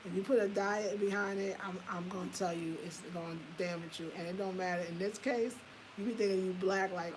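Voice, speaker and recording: A woman in her fifties telling a personal story in a candid, animated way, swearing casually and laughing at herself. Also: mid-range voice, a little fast, background noise. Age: 50s. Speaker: home design vlogger.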